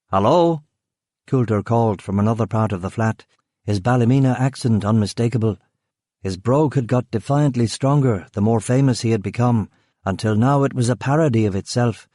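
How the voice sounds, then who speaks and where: A man reading a crime thriller audiobook in measured scripted narration. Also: mid-range voice, mellow, no echo, studio quality.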